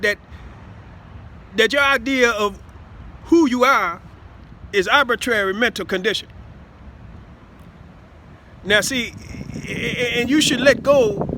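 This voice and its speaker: A man giving a rambling, improvised talk to his listeners, halting with many stammered repeats and asides of "see?". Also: sits high, bright, forceful tone, a little hiss or hum. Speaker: self-styled speaker addressing listeners.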